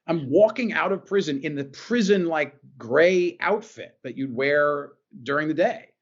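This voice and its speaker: A man's voice: fairly high pitch, animated, measured pace, dull audio. Earnest man telling a personal story. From New Jersey. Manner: earnest, repeats phrases, restarts sentences. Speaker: podcast guest. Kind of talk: emotional personal storytelling in an interview.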